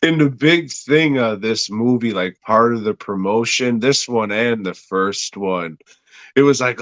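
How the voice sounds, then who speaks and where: Male podcast co-host, sardonic and crude, unhurried delivery, mid pitch, dry close sound. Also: fairly bright tone, no echo. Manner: slow, sardonic, laughs at his own jokes. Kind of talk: casual profane movie review chat.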